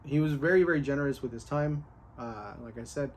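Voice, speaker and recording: A man in a casual, excited recap of his day, candid, full of fillers and with the odd curse. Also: medium pitch, fairly quick. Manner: candid and excited, with many fillers and a bit of cursing.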